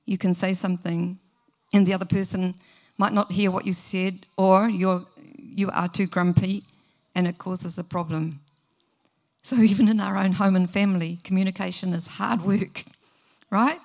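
A woman's voice: medium pitch, steady tone, moderate pace, a little mellow. Earnest New woman preaching. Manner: earnest and conversational, asks the listeners questions. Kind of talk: sermon.

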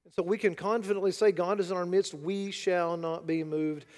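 High-voiced preacher in a big hall. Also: male voice, fairly even intonation, moderate pace. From United States. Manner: dramatic, rhetorical, swings between loud and hushed. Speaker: pastor. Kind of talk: sermon.

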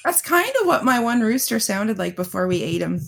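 A woman's voice: on the high side, big pitch swings, brisk, fairly bright tone. A woman co-hosting a podcast, telling blunt, profane stories in casual chat and often laughing. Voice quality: gravelly, husky. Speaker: podcast co-host.

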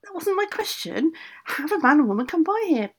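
A woman voicing an impatient, nagging old witch who calls out loudly and insistently. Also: extremely high pitch, sing-song, brisk, pitched above the performer's own voice, full character voice. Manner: loud, insistent calling.

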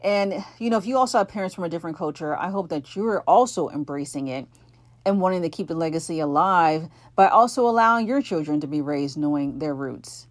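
A woman's voice: low voice, a little fast. A young adult woman hosting a podcast, talking casually with lots of fillers and self-corrections as she introduces the episode. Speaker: podcast host.

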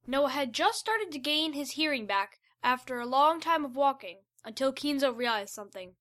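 Bright woman reading a story aloud. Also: high-pitched, expressive, normal speed. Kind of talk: story narration.

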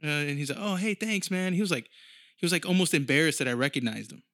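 A man's voice: a little high, rapid-fire, a bit bright, dry recording, clean studio sound. A man in his thirties hosting a casual podcast monologue, rambling and swearing freely as he tells stories. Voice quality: profane, rambling storyteller. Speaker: podcast host.

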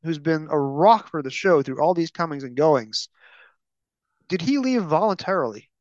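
A man's voice: on the high side, lively intonation, normal speed, darkish tone, dry recording, highs cut off. A man hosting a podcast interview, asking long, inquisitive questions in a casual way. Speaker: podcast host.

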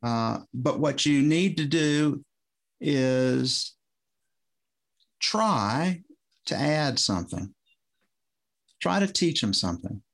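A man with a gravelly, slightly creaky voice talks casually as a podcast guest. He rambles and restarts his sentences, chuckling now and then as he tells stories about coaching. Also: medium pitch, lively intonation, takes it slowly, pauses often, fairly bright tone. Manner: rambling, self-interrupting, chuckling storyteller. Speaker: former swim coach, guest.

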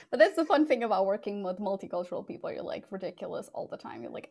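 A woman who is a native Portuguese speaker, chatting as a podcast guest in an animated way, often saying like. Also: fairly high pitch, fast, few pauses. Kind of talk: casual conversation.

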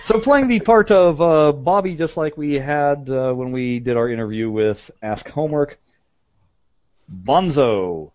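A man hosting a podcast in casual chat. He is chatty, laughs often and fills his pauses with "uh". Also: fairly high pitch, expressive, no room sound, highs cut off. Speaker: podcast host.

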